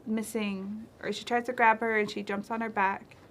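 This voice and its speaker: A woman storyteller telling a traditional tale in a relaxed, chatty way with playful asides. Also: mid-range voice, moderate pace, slight background noise. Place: library.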